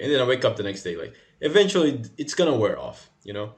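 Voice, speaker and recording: A man's voice: mid-range voice, very animated, quick pace, hardly any pauses. A man chatting casually as a podcast co-host, rambling, swearing and laughing as he talks. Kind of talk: casual chat.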